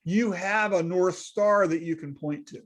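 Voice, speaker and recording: This man has a high, bright speaking voice and talks as a business consultant in a casual conversation. He pushes his points home with rhetorical questions and keeps checking in with the listener. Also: a little slow. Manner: emphatic, asks rhetorical questions and tags them with "right?".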